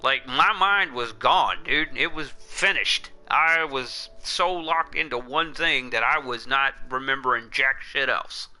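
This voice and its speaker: A man's voice: medium pitch, measured pace, hardly any pauses, bright, forceful tone. A livestream host chatting casually, blunt and profane as he tells a rambling story. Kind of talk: casual chat.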